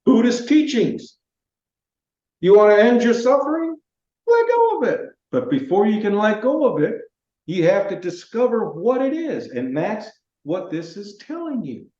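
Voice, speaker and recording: A man's voice: high voice, sing-song, moderate pace, a little mellow. A man giving informal spiritual teaching as host, emphatic and asking questions he then answers. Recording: echoey, distant, muffled.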